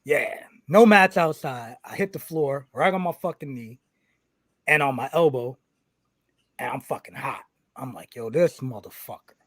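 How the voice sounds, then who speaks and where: A man's voice: medium pitch, measured pace, dry recording. A man co-hosting a wrestling podcast, telling a story casually, swearing constantly and acting out the back-and-forth of what people said. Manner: animated, swears constantly, acts out quoted exchanges.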